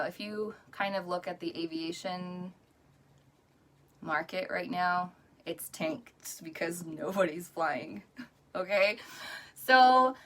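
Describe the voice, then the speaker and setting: A woman's voice: medium pitch, pushed and bright, far from the mic. A woman in her thirties, tearful and crying as she talks earnestly and encouragingly in a live video to a group. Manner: earnest, encouraging, breaks into little laughs. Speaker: direct sales rep.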